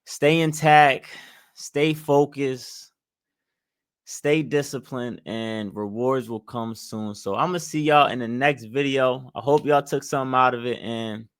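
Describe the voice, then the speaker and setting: A young man, a finance commentator, gives blunt and preachy money advice straight to camera, hammering his points with repeated phrases. His mid-range voice is unhurried with a clean tone, recorded in a clean studio with no echo.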